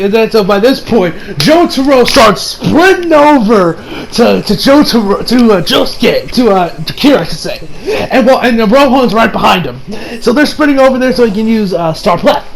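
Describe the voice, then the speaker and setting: Excitable young man reviewing anime. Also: high voice, normal speed, gravelly, crowd noise. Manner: excitable, profane, acts out scenes; rambling with many restarts. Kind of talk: casual video review.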